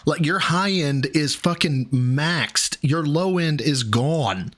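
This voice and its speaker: A man's voice: fairly high pitch, takes it slowly, fairly bright tone. A man streaming, reacting to a clip with sarcastic, exasperated commentary and a lot of swearing.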